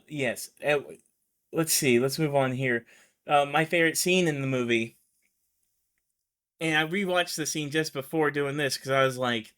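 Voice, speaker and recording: This man's voice is fairly high, bright, and forceful as he hosts a show about films. He chats casually and rambles, laughing often and full of fillers and restarts.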